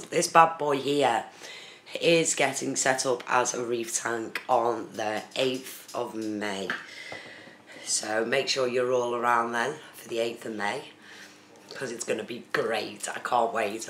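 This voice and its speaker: A woman's voice: rumbling low, fairly bright tone. A woman from the UK chatting casually on a live stream, reading out viewer comments and answering them. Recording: echoey room with faint noise.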